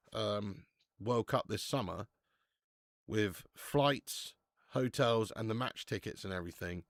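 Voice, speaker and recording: A man's voice: lowish voice, creaky, no echo. Casual man streaming, dry sound. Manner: casual, chatty, swears, reads out viewer messages. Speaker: football watch-along streamer. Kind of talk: live watch-along chat.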